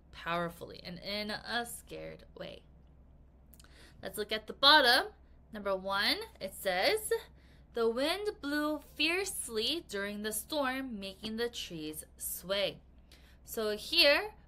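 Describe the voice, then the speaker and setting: Lively, bright-voiced woman teacher. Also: fairly high pitch. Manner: playful and expressive, acting out example sentences; slow, careful reading of example sentences. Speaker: English vocabulary teacher. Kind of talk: recorded vocabulary lesson.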